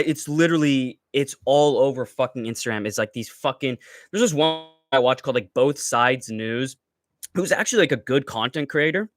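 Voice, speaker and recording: A man's voice: medium pitch, fairly bright tone, dry recording, studio quality. A young man hosting a livestream, ranting with heated, profane, mocking commentary. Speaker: livestream host.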